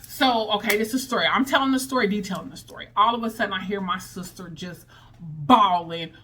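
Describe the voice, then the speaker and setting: A woman vlogger telling a personal story in a casual, animated, dramatic way, full of slang. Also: medium pitch, brisk, a little hiss or hum.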